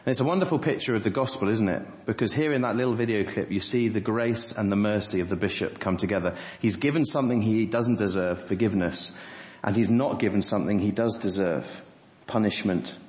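A man's voice: on the low side, a little fast, darkish tone. A man preaching an earnest sermon as a pastor, acting out quoted speech in a raised voice. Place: church hall. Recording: dull reverberant church recording.

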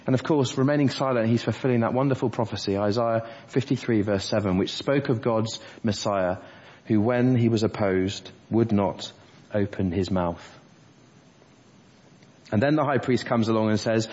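A man's voice: medium pitch, normal speed, a little mellow, breathy edge. A man preaching an earnest sermon in a church, walking through scripture verse by verse. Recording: dull lo-fi church audio with long reverb.

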